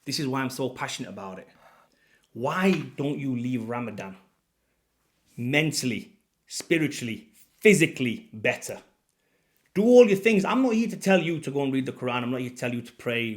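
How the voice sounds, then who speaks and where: A young man, a fitness coach, ranting to camera in a blunt, exasperated way, dropping to muttered asides and then bursting out loud. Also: mid-range voice, expressive, a little fast. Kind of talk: impassioned rant to camera.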